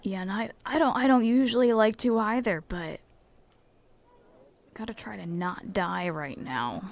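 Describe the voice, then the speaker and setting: A woman's voice: mid-range voice, a little slow, creaky, no room sound. A woman playing a tabletop role-playing game, playful and casual, saying "like" often. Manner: playful, says "like" a lot. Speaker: player.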